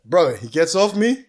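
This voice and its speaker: A young man, telling his story as a podcast guest in an animated, swearing way. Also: high voice, slight background noise. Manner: animated, swearing, repeats phrases. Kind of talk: casual storytelling.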